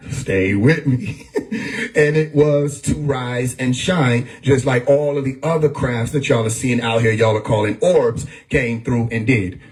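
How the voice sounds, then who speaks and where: Male host holding forth on a live stream, preachy, keeps urging the audience to stay with him, quick bursts of laughter. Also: medium pitch. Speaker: livestream host. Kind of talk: casual livestream monologue.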